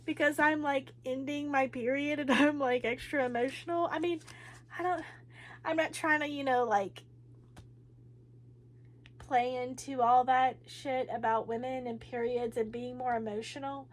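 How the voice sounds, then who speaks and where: A woman's voice: high voice, fairly even intonation, a little slow. A woman book vlogger chatting casually about books, rambling and emotional, with many fillers and restarts. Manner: emotional, with sighs and laughs.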